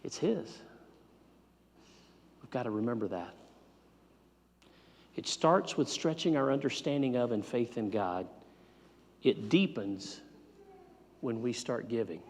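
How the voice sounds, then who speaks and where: Male pastor, fifties, sermon storytelling, loud bursts and hushed asides, big hall reverb. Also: slow pace, long pauses, husky. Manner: storytelling, swings from loud animated bursts to quiet low asides. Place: church sanctuary.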